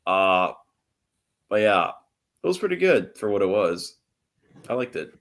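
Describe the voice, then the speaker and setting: Young male podcast co-host, low voice, casual rambling storyteller. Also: big pitch swings, a little slow, a bit bright. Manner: rambling, laughs often, swears casually. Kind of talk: casual chat.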